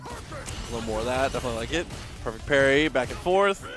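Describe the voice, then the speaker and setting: A man's voice: medium pitch, big pitch swings, fast talker, music in the background. A man calling play-by-play at a fighting game tournament, laid-back and teasing his co-caster. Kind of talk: live esports commentary.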